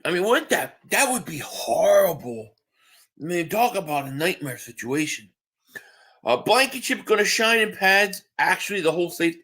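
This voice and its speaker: A man who has just woken up hosts a live stream, reading chat aloud and responding to viewers casually, restarting his sentences now and then. His voice sits high and sounds pushed, bright and slightly rough, very animated at a moderate pace.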